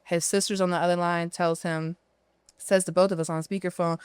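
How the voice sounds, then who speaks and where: A woman's voice: fairly low pitch, level tone, brisk, a little mellow, smooth, no room sound. A woman, a podcast guest candidly telling a long personal story full of profanity. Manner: candid and profane, tells her story at length. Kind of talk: casual storytelling interview.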